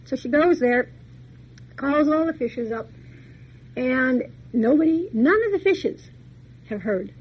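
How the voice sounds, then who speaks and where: A woman's voice: high voice, expressive, slow, long pauses. A woman lecturer retelling a fairy tale in a chatty, folksy way with little asides. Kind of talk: storytelling lecture. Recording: dull muffled recording, faint hiss.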